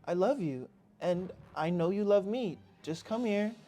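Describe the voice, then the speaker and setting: A man's voice: animated, measured pace, warm tone. A man voicing a clingy young woman who pleads tearfully with her boyfriend not to leave. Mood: pleading sweetly. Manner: begging, high-pitched sobbing pleas.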